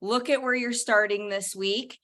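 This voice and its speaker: A woman giving practical instructions on a call, pausing with fillers as she finds words. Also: mid-range voice, steady tone, fairly bright tone. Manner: unhurried, searching for words.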